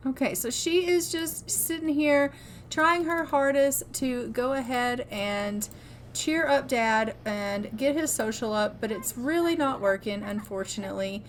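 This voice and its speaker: Brief: woman, slightly higher voice, chatty let's-play commentator, affectionate. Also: a little slow, a little hiss or hum. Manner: chatty, affectionate, laughs often. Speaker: gameplay commentator.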